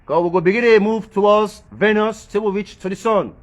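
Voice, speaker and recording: A man delivering a rambling monologue in creole-tinged informal English. He repeats phrases for emphasis and chuckles softly to himself. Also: high voice, brisk. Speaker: social media commentator. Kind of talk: rambling spoken monologue about planets and religion.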